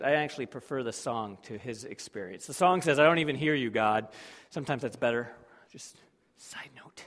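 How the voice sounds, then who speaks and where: A man preaching a sermon as a pastor, swinging dramatically from hushed tones to loud outbursts. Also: a little high, fairly quick. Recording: long reverb of a large hall.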